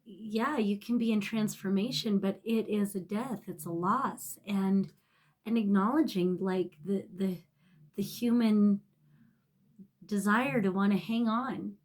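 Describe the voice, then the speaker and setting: A woman giving a casual tarot reading to camera. She rambles, swears freely and is emotional, often sinking to a soft near-whisper. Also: medium pitch, unhurried. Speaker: tarot reader.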